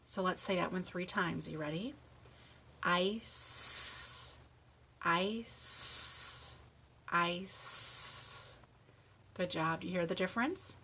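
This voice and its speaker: A middle-aged woman leading a speech lesson for young children, modeling words slowly with exaggerated endings and steady encouragement. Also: on the low side, gravelly, slight background noise. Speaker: speech therapist.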